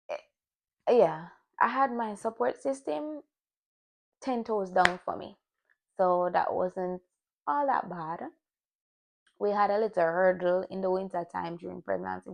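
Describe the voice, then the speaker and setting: This is a young vlogger from a Jamaican family, talking to camera about her year in a candid, reflective way, with restarts. She has a creaky, medium-pitched voice.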